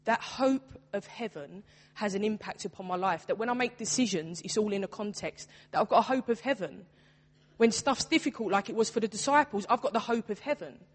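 A woman's voice: mid-range voice, lively intonation, a little fast. A young adult woman, a church youth worker, preaching a sermon in an earnest, conversational way. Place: church hall. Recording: long hall reverb.

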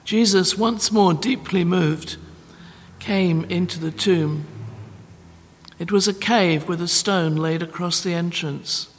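A man reading scripture at a church service in a measured, careful way. His voice sits high and his pace is slow and deliberate. A long hall reverb hangs on each phrase. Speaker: scripture reader. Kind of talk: Bible reading.

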